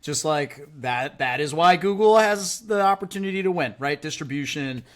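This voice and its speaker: Male podcast host, fairly high voice, animated, chatty, lots of fillers. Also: normal speed. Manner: animated, heavy use of "like" and "right?". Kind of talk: casual podcast chat.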